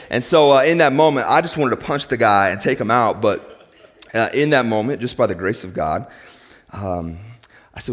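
A middle-aged male pastor preaching a sermon, telling a story in an animated way and building to loud, emphatic peaks. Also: lowish voice, normal speed, pauses often. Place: church sanctuary. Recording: long hall reverb.

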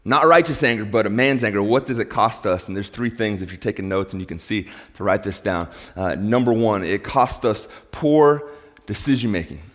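A man's voice: fairly low pitch, normal speed. Man preaching in a reverberant church. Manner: storytelling, animated, rising to loud emphatic peaks. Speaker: pastor. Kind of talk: sermon with a personal story. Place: church sanctuary. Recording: long hall reverb.

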